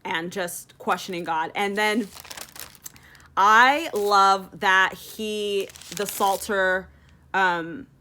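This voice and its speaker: Expressive woman rambling about faith. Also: mid-range voice, drawn-out words, slight background noise. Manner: rambling and expressive, many fillers, dramatic voiced complaints. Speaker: Christian vlogger. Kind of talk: casual devotional vlog. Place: in Texas.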